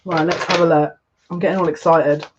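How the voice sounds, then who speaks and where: A psychic tarot reader, talking on a live stream in an excitable, breathless way, often breaking off mid-sentence. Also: medium pitch, a little fast, noisy background. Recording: dull lo-fi stream audio.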